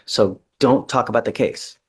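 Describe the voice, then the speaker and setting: A judge on the bench, a man with a husky, breathy edge to his mid-range voice. He speaks bluntly and directly, laying out the rules of a courtroom bail hearing. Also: mid-range voice, moderate pace.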